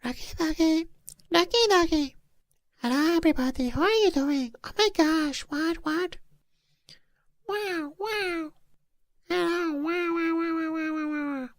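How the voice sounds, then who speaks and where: A man putting on a childlike anime girl voice in falsetto, babbling and repeating words. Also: measured pace, pauses often, no echo, studio quality. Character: squeaky high-pitched anime girl, childlike.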